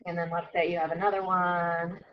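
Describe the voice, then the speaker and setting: A woman's voice: on the low side, little pitch movement, brisk. A woman teacher giving a casual classroom math lecture, chatty and often correcting herself. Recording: dull lo-fi recording.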